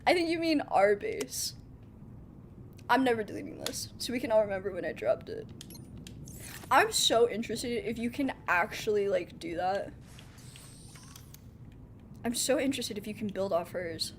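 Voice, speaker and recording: A woman's voice: medium pitch, expressive, moderate pace, long pauses, a little hiss or hum. A woman streaming a game, chatting in a giggly, playful way as she plays. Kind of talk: casual gaming commentary.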